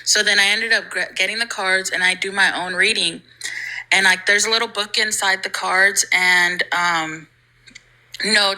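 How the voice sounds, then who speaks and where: Young woman, very bright sharp tone, casual ghost story, chatty, lots of "like", acts out quotes. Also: medium pitch, rough recording. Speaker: livestream storyteller.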